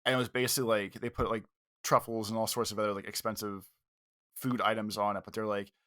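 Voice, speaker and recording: A man's voice: on the low side, level tone, fast talker, bright, forceful tone, no room sound, studio quality. A man co-hosting a casual reaction podcast, talking in a rambling, wry way. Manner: rambling, wry, acts out quotes. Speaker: podcast co-host.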